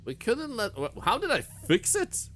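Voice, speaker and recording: A man's voice: very high-pitched, unhurried, a little hiss or hum. A man streaming a horror game, reading notes aloud and joking as he plays. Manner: lively, reads notes aloud, jokes. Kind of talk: gameplay commentary.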